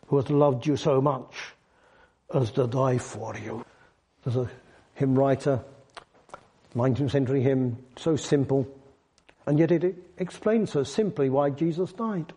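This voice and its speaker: Male preacher, fervent sermon delivery, somewhat high, mellow tone, urgent pleading questions. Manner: fervent, rising to excited emphasis, pleading questions. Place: church building.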